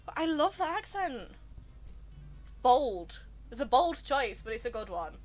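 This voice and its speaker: A woman's voice: high voice, sing-song, measured pace, soft background music. A woman streaming a game, chatting casually in a gushing, rambling way. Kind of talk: casual live-stream chat over gameplay.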